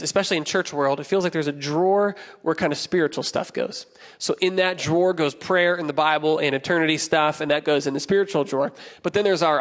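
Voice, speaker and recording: A young man preaching a sermon as a pastor, telling stories with playful, animated asides. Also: on the high side. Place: church auditorium. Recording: long church hall reverb.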